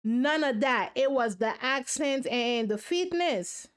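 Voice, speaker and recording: A woman's voice: high-pitched, lively intonation, slow, clear, resonant tone. A woman hosting a reaction video, giving sassy, slangy commentary on a reality show and talking straight to her viewers.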